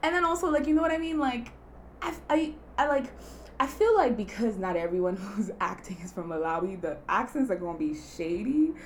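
A woman's voice: medium pitch, expressive, fairly quick, slight background noise. A young woman from Kenya hosting her own podcast in a casual, chatty way, laughing often and leaning on fillers like "you know.". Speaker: podcast host. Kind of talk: casual solo podcast chat.

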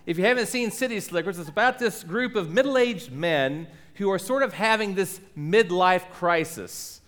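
A man's voice: high-pitched, moderate pace, fairly bright tone. Man preaching a Sunday sermon. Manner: friendly, questioning, emphatic. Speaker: pastor. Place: church sanctuary. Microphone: lowered stand or pulpit microphone.

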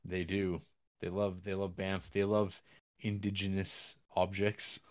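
A man co-hosting a podcast, casually recapping a film in a rambling, halting way with many restarts. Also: low-pitched, little pitch movement. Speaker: podcast co-host.

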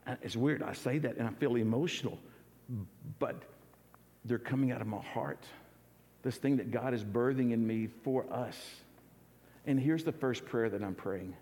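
A man's voice: mid-range voice, normal speed, gravelly, dark tone. A man preaching an earnest, conversational sermon as pastor, often restarting his words. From United States. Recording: church hall with long reverb.

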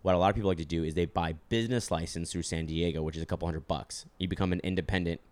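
The host here is a young man with a low-pitched, steady voice who talks very fast. His podcast is a loose, joking conversation that wanders and is full of filler words.

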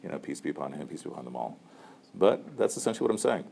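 A man's voice: rumbling low, sing-song, racing, vocal fry, darkish tone, a little hiss or hum. A middle-aged man, a Muslim chaplain, giving students casual, conversational advice and often checking in with "right?" and "okay?". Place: room with a student group.

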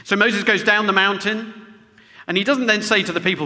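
A man's voice: a little high, fairly even intonation, normal speed, pushed and bright. A man preaching a sermon to a congregation, often ending points with rhetorical tag questions. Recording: long reverb of a large hall.

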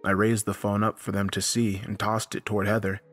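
A man narrating a horror story in a dramatic, measured storytelling style. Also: on the low side, flat delivery, a bit bright, faint music behind.

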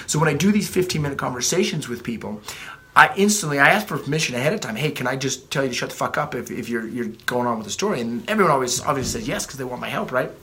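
A man's voice: a little high, fairly bright tone. A man in his thirties, a life coach giving a blunt motivational talk, swearing freely and often repeating himself.

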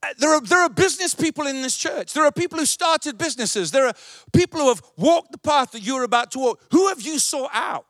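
Man, pastor, sermon, very high voice, dry sound. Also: animated, fast, a bit bright, no echo. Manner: emphatic preaching with repetitions and mimicked voices.

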